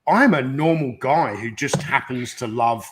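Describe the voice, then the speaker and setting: A man's voice: medium pitch, a little slow, background noise. A man hosting a casual live Q&A, reading out viewer questions and joking at his own expense. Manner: self-deprecating, joking.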